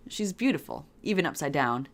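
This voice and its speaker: A woman's voice: sits low, animated, fairly quick. A woman co-hosting a casual comedic fanfiction reading, playful and chiming in with corrections.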